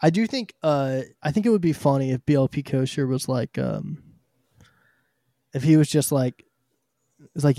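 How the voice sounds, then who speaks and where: A man's voice: mid-range voice, normal speed, long pauses, mellow, no room sound, studio quality. A man co-hosting a podcast in casual, rambling chat with many hesitations. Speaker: podcast co-host.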